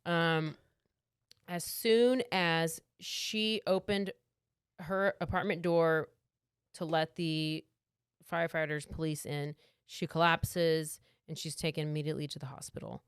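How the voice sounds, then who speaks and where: A woman's voice: deep voice, steady tone, measured pace, smooth, no echo, clean studio sound. A woman co-hosting a podcast, casually retelling a true crime story with lots of "like" and acted-out quotes. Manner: chatty storytelling, acts out quotes, many "like"s. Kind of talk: casual chat.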